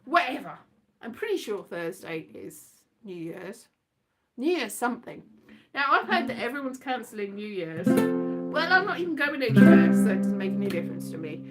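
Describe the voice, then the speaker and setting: A woman's voice: medium pitch, very animated, moderate pace, faint music behind. A woman chatting casually in a scatterbrained, rambling vlog, sometimes breaking into silly made-up songs. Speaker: vlogger.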